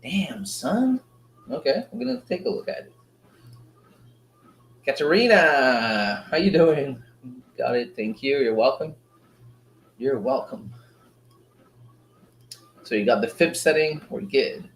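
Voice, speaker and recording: A man hosting a live forex trading stream, chatting casually and excitedly to viewers in slangy talk. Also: mid-range voice, a little slow, pauses often. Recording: roomy echo.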